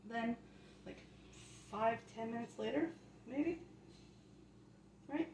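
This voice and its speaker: A woman's voice: on the high side, lively intonation, slow, pauses often, a little mellow. Young woman, chatty testimony, fervent preaching, echoey room, faint background hiss. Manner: chatty, keeps asking "right?", grows fervent and emphatic. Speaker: vlogger sharing a faith testimony. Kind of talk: casual testimony turning to preaching.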